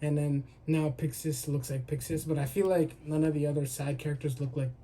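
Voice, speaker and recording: A young man co-hosting a podcast, casually recapping anime episodes and acting out the characters' lines in quick voices. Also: a little high, steady tone, warm tone. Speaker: podcast co-host.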